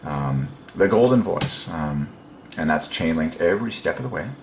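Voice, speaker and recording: Deep-voiced man musing in an echoey room. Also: lively intonation, moderate pace, vocal fry, a little hiss or hum. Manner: rambling and musing, many ums, chuckles to himself. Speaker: religious video presenter. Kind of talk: casual solo preaching monologue.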